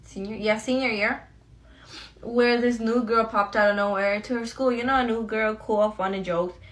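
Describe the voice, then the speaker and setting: Speaking at a moderate pace in a fairly high voice with fairly even intonation, a young beauty vlogger does a get-ready-with-me storytime. She keeps it casual, slangy and friendly with her viewers.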